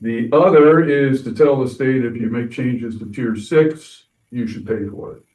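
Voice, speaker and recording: A man giving a brisk county report at a board meeting. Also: fairly low pitch, a little mellow, a little hiss or hum. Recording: distant echoey phone-like sound.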